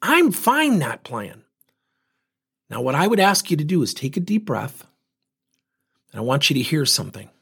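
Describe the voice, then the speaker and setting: Husky guy in his 50s telling stories in a motivational talk, pitch all over, really emphatic. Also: a little fast, long pauses. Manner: emphatic, animated storytelling. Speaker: speaker and coach.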